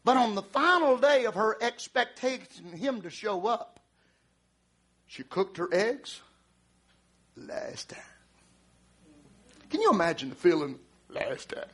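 A male preacher delivering a sermon through dramatic storytelling, with repeated refrains and calls to the congregation that build to shouts. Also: high voice, very animated, slow pace, long pauses, slightly rough.

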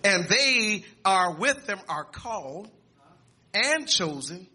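A man preaching a sermon, reading scripture aloud with restarts and repeats, and rising to shouts and exclamations. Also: sits high, very animated, slow pace, breathy edge.

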